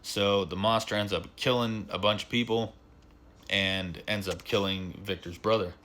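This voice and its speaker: Deep-voiced man rambling through a film review. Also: fairly even intonation, normal speed, background noise. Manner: rambling, filler-heavy retelling with frequent "like" and "um". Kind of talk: casual spoken film review.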